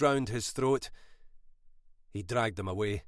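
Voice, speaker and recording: A man narrating a thriller audiobook in a measured, unhurried way. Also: fairly low pitch, fairly bright tone, no room sound, studio quality.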